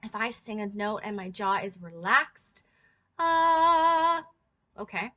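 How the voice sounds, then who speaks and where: A woman's voice: medium pitch, steady tone, brisk, fairly bright tone. A young woman giving a casual singing lesson, chatting and breaking into short sung demonstration notes. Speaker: singing teacher.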